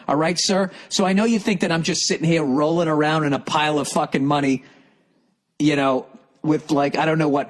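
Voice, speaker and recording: Profane, ranting man with a high voice. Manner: profane, angry ranting with shouted outbursts. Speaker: comedian. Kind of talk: ranting comedy podcast monologue.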